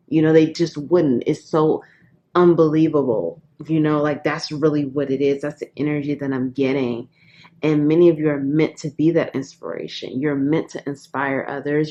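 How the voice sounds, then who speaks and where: Slow, low-voiced earnest woman tarot reader. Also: lo-fi sound. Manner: slow, earnest, emotional, drops to soft whispers. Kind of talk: channeled spiritual tarot reading.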